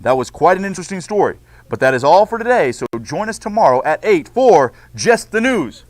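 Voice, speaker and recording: A man's voice: high-pitched, sing-song, brisk, no echo. A man voicing a male news anchor, speaking in a formal announcer manner.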